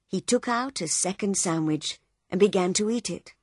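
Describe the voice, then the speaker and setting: A woman reading a simple story aloud in clear, deliberate narration. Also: mid-range voice, a little mellow, no room sound, studio quality. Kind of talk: graded reader audiobook narration.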